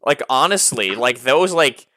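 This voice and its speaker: A man's voice: medium pitch, measured pace, no echo. A man hosting a podcast, chatting casually about music with lots of fillers. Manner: relaxed, many fillers, enthusiastic about music. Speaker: podcast host.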